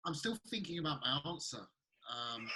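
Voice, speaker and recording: Bright-voiced British man bantering. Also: mid-range voice, very animated, moderate pace. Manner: playful, teasing, hesitant restarts. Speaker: podcast co-host. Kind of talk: casual banter.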